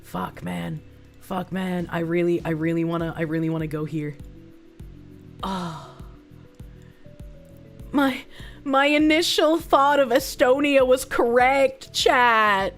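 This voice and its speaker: A woman's voice: medium pitch, slow pace, pauses often. A young woman streaming a guessing game, thinking aloud, laughing often and swearing freely. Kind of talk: casual live-stream commentary while playing a guessing game. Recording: faint music behind the voice.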